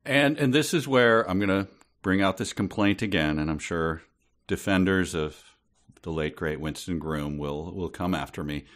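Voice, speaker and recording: A man's voice: low voice, normal speed, fairly bright tone. A man co-hosting a casual book podcast, delivering dry, sardonic complaints about the book. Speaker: podcast co-host.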